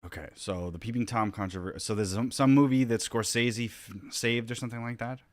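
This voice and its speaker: A man's voice: medium pitch, steady tone, brisk, no room sound, studio quality. A man giving casual reaction commentary, rambling and restarting his sentences as he thinks aloud. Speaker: YouTube commentator.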